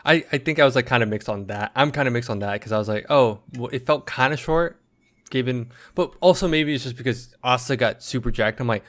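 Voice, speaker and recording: A man's voice: medium pitch, a little fast, fairly bright tone. A man co-hosting a casual podcast, talking in a loose, rambling way full of fillers. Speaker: podcast co-host. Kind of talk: casual chat.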